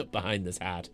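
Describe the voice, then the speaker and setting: Very low-voiced slow woman streamer. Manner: slow, wry, laughs between remarks. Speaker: co-host of a game stream. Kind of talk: casual chat while playing.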